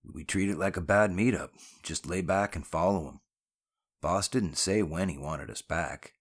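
A blunt, sardonic tough-guy crook, voiced by a male narrator with a deep, gravelly voice. He talks flatly and dismissively, close to the reader's own low register in an audiobook. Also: normal speed.

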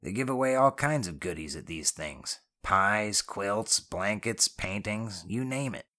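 A nervy, quick-joking young criminal, which a male narrator puts on with a noticeably higher voice than his own low narration. He frets and needles his partner in an audiobook scene, lively and fast on his feet.

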